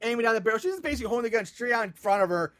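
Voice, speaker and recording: A man hosting a casual podcast, recapping a movie with animated sarcasm and frequent swearing. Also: extremely high pitch, very fast, no room sound.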